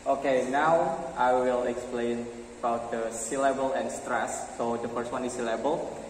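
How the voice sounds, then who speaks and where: A young man with an Indonesian accent presenting a pronunciation lesson to his class, halting and full of fillers. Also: mid-range voice, fairly even intonation, slight background noise. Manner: slow, halting, with many fillers. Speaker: student presenter. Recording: roomy echo from far off.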